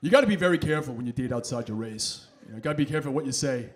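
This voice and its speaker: A man's voice: mid-range voice, racing. A man in his thirties doing a stand-up comedy set, telling stories and acting out voices. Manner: animated storytelling, acting out voices. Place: comedy stage with laughing audience.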